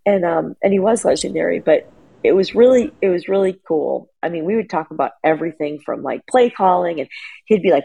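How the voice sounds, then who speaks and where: A middle-aged woman sharing emotional personal stories as an interview guest over a remote call, animated and full of fillers. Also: fairly low pitch, a little fast, gravelly, husky, poor audio. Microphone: remote call connection.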